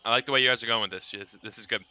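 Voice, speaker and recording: Bright, smooth-voiced game master. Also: male voice, mid-range voice, fairly even intonation, very fast. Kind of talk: narrating a tabletop game.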